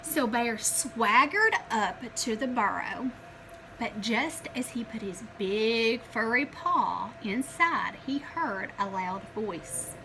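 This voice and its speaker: Woman, teacher, children's read-aloud, high voice, lively, slow and bright. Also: slight background noise, low-quality recording. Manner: animated, asks the listeners questions.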